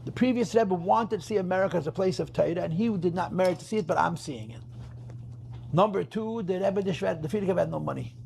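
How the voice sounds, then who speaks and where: A man's voice: sits high, quick pace, vocal fry, a little mellow, a little hiss or hum. A rabbi telling a story at a gathering, emphatic, repeating his phrases and mixing in Yiddish terms. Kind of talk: farbrengen storytelling talk.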